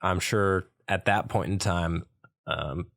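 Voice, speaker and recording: Male co-host with a very low, gravelly voice, hesitant and rambling in casual chat. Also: slow, a bit bright. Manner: rambling, hesitant, many fillers. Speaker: podcast co-host.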